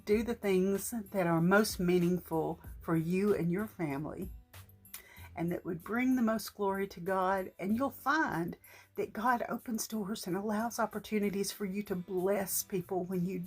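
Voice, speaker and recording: A middle-aged woman, talking earnestly to her vlog audience in a gentle, shaky, emotional voice. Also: medium pitch, slightly rough. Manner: gentle and earnest, with faith talk and small restarts. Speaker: vlogger. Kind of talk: heartfelt personal vlog talk.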